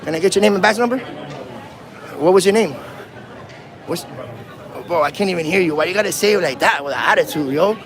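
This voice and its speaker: A man with a fairly high voice livestreams from a handheld phone on a city street. He taunts and provokes in loose slang. The sound has an outdoor, open-air feel. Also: fairly quick, long pauses, a faint crowd. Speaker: first amendment auditor.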